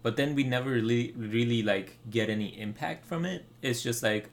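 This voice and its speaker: Laid-back man chatting about a movie. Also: medium pitch. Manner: relaxed, chatty, fillers, quick asides. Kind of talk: casual movie discussion.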